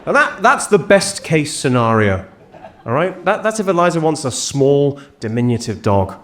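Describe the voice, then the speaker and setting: A man's voice: a little high, sing-song, normal speed, some chatter behind. A young English man doing stand-up comedy on stage, self-mocking and rambling in his delivery. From England. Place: on stage before a live audience.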